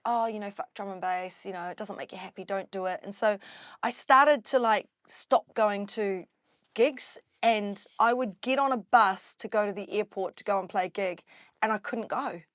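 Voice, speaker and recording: A woman from New Zealand with a New Zealand accent, a drum and bass MC telling her story in an interview, halting, with many restarts and fillers. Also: no room sound, clean studio sound. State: tearful at times. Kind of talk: candid interview talk.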